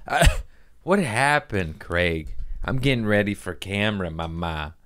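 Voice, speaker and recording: A man in his thirties with a lowish voice runs a loose, self-mocking comedy podcast intro. He rambles from one thought to the next and swears freely. The sound is dry and close, with no room around it. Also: animated, takes it slowly, fairly bright tone, smooth, no room sound.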